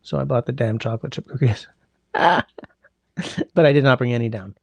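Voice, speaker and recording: A man's voice: medium pitch, moderate pace, creaky, no room sound. A man hosting a casual livestream from home, rambling, greeting viewers by name and humming while he scrolls, his sinuses congested. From Canada. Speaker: livestream host. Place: indoors at home.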